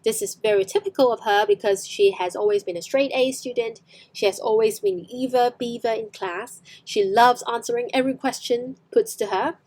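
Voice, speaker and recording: A young woman whose first language is Cantonese, teaching English on a live stream and repeating lines slowly for practice. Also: a little high, a little mellow.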